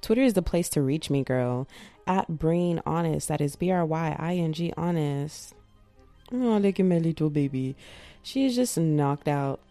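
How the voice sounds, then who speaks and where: A young woman hosting a podcast in slangy, animated casual chat, feeling a bit unwell. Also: low voice, measured pace, no room sound, faint music behind. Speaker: podcast host.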